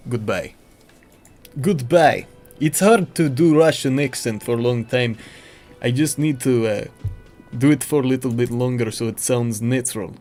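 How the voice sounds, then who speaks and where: A man talks casually over his gameplay in a joking, offhand way. His pitch sits in the middle of the male range. He keeps an easy, playful tone as he reacts. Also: steady tone, moderate pace, a little mellow, soft background music. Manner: playful and jokey, talking over the game. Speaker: gaming streamer. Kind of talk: casual let's-play commentary.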